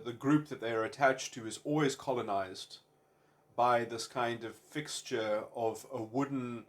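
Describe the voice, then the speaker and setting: Guy thinking out loud about big ideas, lots of uhs and restarts, ordinary middle pitch. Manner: halting, searching for words, many fillers and repeated starts; abstract, wordy phrasing. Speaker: commentator. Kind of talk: unscripted philosophical monologue.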